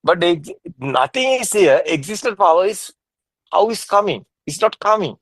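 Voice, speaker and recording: A man teaching Buddhism in a casual discussion over a video call, halting and repetitive, with frequent soft laughs. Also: sits high, expressive, husky, dry recording, low-quality recording.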